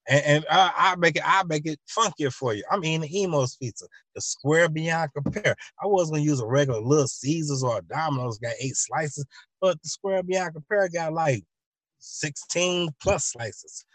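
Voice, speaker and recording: A man's voice: a little high, lively intonation, normal speed, fairly bright tone, dry recording. A man hosting a show, telling a loose, repetitive comic monologue and acting out both sides of imagined conversations. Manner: loose, repetitive storytelling with many restarts. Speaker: show host.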